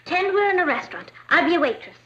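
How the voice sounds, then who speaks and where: A woman's voice: extremely high pitch, animated, racing, a bit bright, a little hiss or hum. An actress playing a bubbly, chatty teenage girl in a 1960s sitcom. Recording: dull old TV audio with music.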